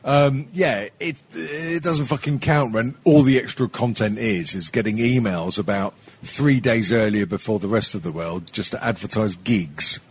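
A man's voice: fairly low pitch, moderate pace, hardly any pauses, husky. A man hosting a comedy podcast, swearing and laughing through rambling banter. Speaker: podcast host. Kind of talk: casual comedy chat.

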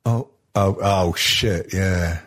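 Husky man ranting sarcastically. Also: low-pitched, very slow, a bit bright. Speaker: podcast co-host. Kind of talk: casual chat.

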